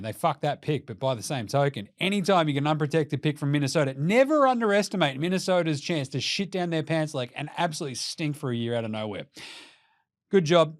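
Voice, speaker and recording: A man's voice: a little high, no echo, studio quality. A young Australian man gives brash, profane and jokey casual commentary as a basketball show host.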